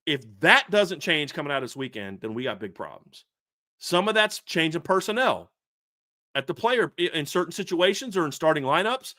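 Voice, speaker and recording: A man's voice: fairly high pitch, big pitch swings, normal speed, pushed and bright, dry recording, studio quality. A man co-hosting a sports podcast, ranting heatedly about his team's coaching, fired up and repeating himself with restarts. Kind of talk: heated sports commentary rant.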